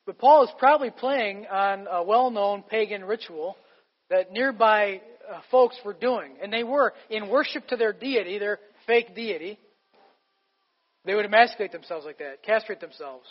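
High-pitched guy preaching a sermon, emphatic and chatty, echoey hall. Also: normal speed, muffled recording. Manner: emphatic, conversational preaching with rhetorical questions. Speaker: pastor.

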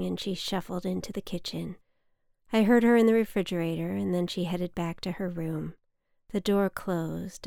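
Young woman reading her own memoir, hushed and half-whispered, with creaky fry, in a dry, close-miked sound. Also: lowish voice, dry recording. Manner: hushed, often whispered, intimate. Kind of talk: reading a personal essay aloud.

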